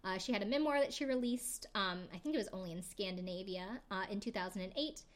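A woman's voice: mid-range voice, fast talker. Chatty young woman podcast host. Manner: chatty, filler-heavy, jokey asides. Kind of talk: casual recap podcast.

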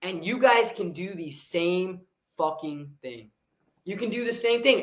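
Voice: medium pitch, animated, measured pace, a bit bright. A motivational livestream host giving an unscripted, intense and profane pep talk, often breaking off to answer viewer comments. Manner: intense, profane, repetitive hype. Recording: roomy echoey room.

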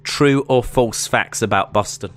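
A man's voice: medium pitch, a little slow. A British man co-hosting a casual stream chat, playful and jokey, often slipping into silly bits. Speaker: co-host.

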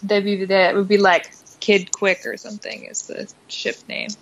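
A woman talks through her opinions on a casual podcast, circling her points with "like" and "um". Her voice sits at a middle pitch. The audio comes through somewhat dull and lo-fi. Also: flat delivery, moderate pace, vocal fry, a little hiss or hum. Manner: rambling, thinks aloud with "like" and "um". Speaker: podcast guest.

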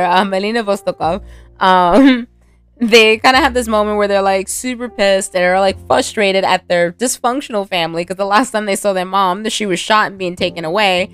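A woman's voice: a little high, clean tone, dry recording. Rambling woman recapping a movie. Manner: rambling, many fillers, laughs often.

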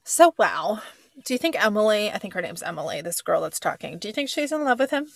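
A woman's voice: medium pitch, big pitch swings, fast, vocal fry, no echo. A woman hosting a podcast, chatting casually and rambling, with many fillers. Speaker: podcast host.

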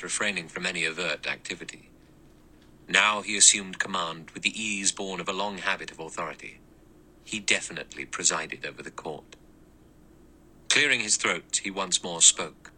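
A man reading a novel aloud as an audiobook narrator, in a deliberate, even storytelling manner. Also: low voice, a little hiss or hum. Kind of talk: scripted narration.

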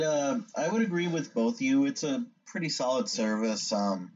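Teasing young male podcast host. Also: mid-range voice. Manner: joking, teasing. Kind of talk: casual chat. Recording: distant, dull-sounding mic.

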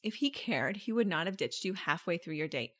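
A young woman hosts a podcast and coaches her listeners through a relaxed, conversational monologue. She laughs easily and keeps checking in with rhetorical questions. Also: fairly low pitch, fairly quick. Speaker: podcast host and relationship coach.

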